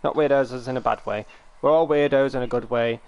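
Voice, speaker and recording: A man's voice: mid-range voice, steady tone, fairly quick, clean tone, muffled recording. A young man from the United Kingdom, chatting casually and rambling to his viewers while streaming a game. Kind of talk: casual live-stream chat.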